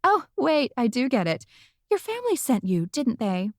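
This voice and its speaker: A woman's voice: high-pitched, very animated, normal speed, no echo, clean studio sound, pitched above the performer's own voice. A woman playing a smug, teasing witch. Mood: sly. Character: scheming middle-aged female witch heckler.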